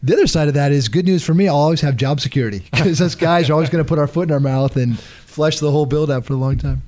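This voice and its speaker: A man's voice: on the high side, quick pace, a little mellow, no echo. A man, a marriage and family therapist, giving earnest, pragmatic relationship advice in conversation. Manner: earnest, pragmatic, uses acted-out examples. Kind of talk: conversational advice on a radio talk show.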